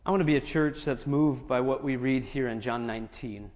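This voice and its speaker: A man's voice: mid-range voice, fairly quick, a little mellow. A man preaching as pastor, reading scripture aloud and explaining it in asides between the verses. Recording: dull audio with long reverb in a large hall.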